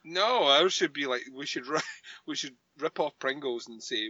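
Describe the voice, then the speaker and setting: A man co-hosting a podcast in casual chat, swearing freely, quick with jokes and then earnest about the show. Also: on the high side, lively intonation, bright, forceful tone, no room sound. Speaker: podcast co-host. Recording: dull lo-fi dry mic.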